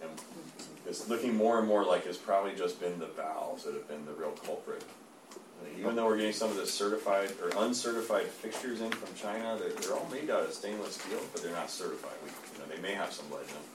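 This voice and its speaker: A man, an engineer, giving a measured report in a meeting, with plenty of fillers. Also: sits low. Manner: plain, measured, halting with fillers. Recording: echoey room, distant mic, noisy.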